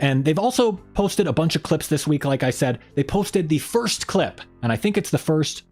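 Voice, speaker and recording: A man hosts a casual live-stream chat, rambling with plenty of fillers and restarts. When he jokes, his pitch swings in a lively way.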